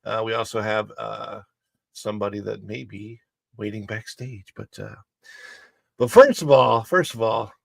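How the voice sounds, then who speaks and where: Hosting a casual livestream, this St. Louis, Missouri man chats away, calling out viewers by name and chuckling at his own jokes. He speaks at a measured pace in a lowish voice with vocal fry, with no room sound.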